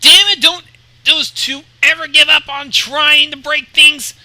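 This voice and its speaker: A man's voice: very high-pitched, steady tone, measured pace, voice pushed up, exaggerated voice. A man doing a furious hot-tempered big guy. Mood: enraged. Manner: shouting in a rage.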